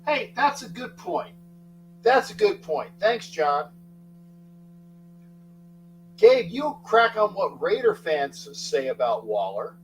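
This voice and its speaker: A man's voice: high-pitched, very animated, takes it slowly, pauses often. An older man hosting a live sports talk stream, chatting casually and greeting viewers by name in a rambling way. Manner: rambling, shouts out viewers by name, frequent restarts. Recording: distant mic with faint mains hum.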